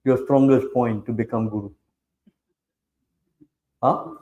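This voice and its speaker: Mellow-voiced man preaching with pointed questions. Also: medium pitch, fairly even intonation, slow pace, lo-fi sound. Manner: challenging, asks rhetorical questions often. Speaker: preacher giving a scripture class. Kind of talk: sermon.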